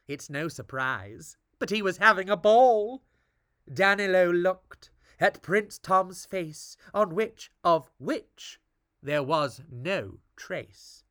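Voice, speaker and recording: Slow, expressive woman storyteller. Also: low-pitched, dry recording, studio quality. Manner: expressive, lilting rhyming delivery. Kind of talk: reading a rhyming fairy tale aloud.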